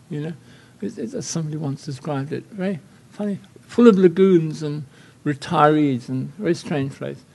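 Older English guest lecturer, dry wit, digressive anecdotes, slightly high pitch. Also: male voice, husky. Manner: wry, anecdotal, rambling asides. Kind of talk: lecture with slides.

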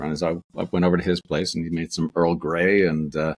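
A deep-voiced Canadian man with a husky edge talks at length as an interview guest. He rambles from one anecdote to the next, restarting sentences and leaning on fillers. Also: fairly even intonation, quick pace. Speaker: actor guest. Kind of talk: casual interview storytelling.

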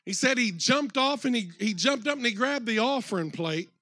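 High-voiced preacher telling a story. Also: male voice, expressive, bright, forceful tone, no echo. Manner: retells a story with many quotes, slows and swells for emphasis. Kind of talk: sermon storytelling. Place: church.

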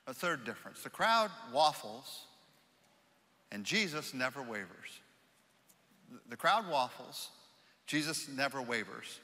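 Pastor guy preaching, sharp bright voice, long echo like a big church hall. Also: medium pitch, very animated, slow pace, long pauses. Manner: dynamic, swings from shouting to hushed whispers. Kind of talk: sermon. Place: church auditorium.

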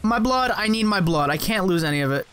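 A man's voice: high voice, lively intonation, fast, a bit bright, clear, resonant tone. A man commenting on his own gameplay, cursing and joking at the enemies as he plays. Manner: profane, jokey, talks to game enemies. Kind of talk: let's play commentary.

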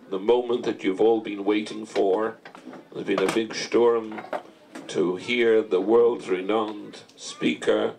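A man with a low, gravelly voice introduces the speaker at an event. He talks slowly and deliberately, with faint noise behind him. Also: a little mellow, poor audio. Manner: slow, measured announcing. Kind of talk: formal introduction. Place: congress hall.

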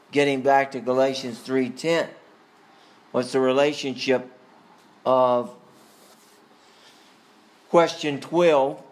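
A man teaching a catechism class, questioning students by name and pausing with frequent fillers. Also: medium pitch. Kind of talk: Bible study teaching.

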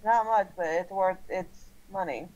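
A woman's voice: fairly low pitch, a little slow, a little mellow, dull audio. A woman playing a game over a call, asking questions casually and hesitantly. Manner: hesitant, asks lots of questions. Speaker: player on a call. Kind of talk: casual gaming chat.

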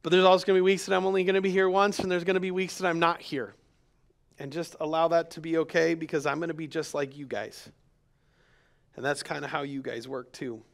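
A man's voice: a little high, level tone, fairly quick, vocal fry. A man, a pastor, speaking candidly to his congregation in a sermon, telling a personal story with quoted dialogue. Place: church sanctuary.

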